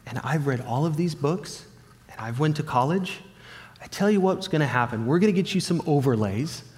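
A man's voice: a little high, expressive, moderate pace, darkish tone. Earnest man preaching in a reverberant hall. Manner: earnest storytelling, acting out remembered dialogue. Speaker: pastor. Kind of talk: sermon with personal story.

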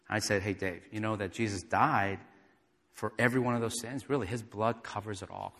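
Animated man preaching in echoey hall. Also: lowish voice, a little fast. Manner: animated storyteller acting out dialogue, drops to soft near-whisper when moved. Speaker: pastor. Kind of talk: sermon with personal story. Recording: echoey hall with long reverb.

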